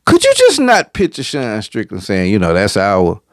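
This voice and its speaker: Animated, slangy man reacting to a clip. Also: medium pitch, normal speed, no echo. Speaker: reaction video host. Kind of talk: casual commentary over a clip.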